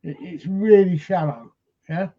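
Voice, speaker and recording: A man's voice: sits high, unhurried, muffled recording. A man, a paranormal investigator retelling a story casually with lots of "he says" and quoted speech.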